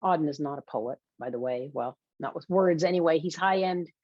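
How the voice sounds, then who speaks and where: A woman's voice: low-pitched, brisk, dry recording. A woman narrating a first-person novel in a confessional, wry way, in a muffled lo-fi recording. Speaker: audiobook narrator. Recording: dull, dry lo-fi recording.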